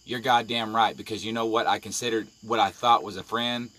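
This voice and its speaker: A man's voice: lowish voice, steady tone, a little fast, bright, forceful tone. Furious, foul-mouthed man ranting. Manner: profane, confrontational, heated. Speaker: live-stream vlogger. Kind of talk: angry live-video rant.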